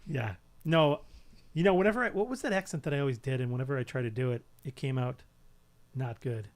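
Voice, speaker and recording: A man's voice: mid-range voice, fast talker. A man co-hosting a casual live show from home, joking and rambling, often tripping over his words. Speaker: co-host. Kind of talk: casual chat.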